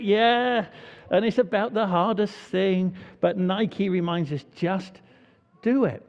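A man with a very high, steady voice leads an all-age church service at a measured pace, chatting and asking the children plenty of questions. The recording sounds dull and echoey, as if made in a church hall.

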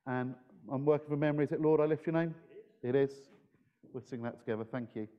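In a church hall, a man with a mid-range voice talks quickly into a handheld microphone, the large space making the audio sound dull. He's giving a playful children's talk during a church service, quizzing the young listeners with questions as he goes.

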